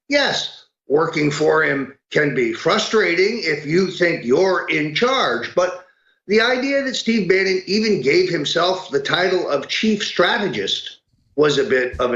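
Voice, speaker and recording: A man calling in as a political analyst guest, speaking in a measured way that builds to emphatic peaks. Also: high voice, a bit bright, roomy sound, highs cut off. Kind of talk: political commentary on a call-in.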